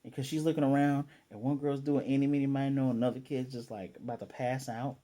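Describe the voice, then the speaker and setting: A man giving a casual, chatty recap and review of an anime episode, acting out characters' lines in quick asides. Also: medium pitch, little pitch movement, warm tone. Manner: retells scenes with quick quoted character lines; chatty, with fillers and throat clearing.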